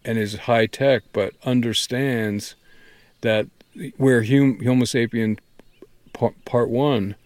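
A man of middle pitch talks as a guest in an interview, earnest and eager about his ideas. He restarts his sentences as he works through each thought aloud. The recording is close and dry. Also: steady tone, slow, darkish tone, dry recording. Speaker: guest author and teacher. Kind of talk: conversational interview.

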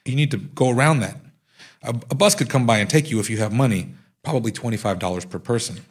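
A man's voice: mid-range voice, quick pace, slightly rough, lightly acted. A man voicing a brash, swaggering big young tough guy who talks in cocky street slang. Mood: breezy.

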